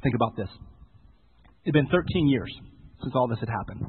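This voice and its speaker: A man preaching a sermon, retelling a Bible story with lively storytelling and acted-out lines for the characters. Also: medium pitch, normal speed, in a large hall, slight background noise. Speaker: pastor. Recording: tinny phone-like sound.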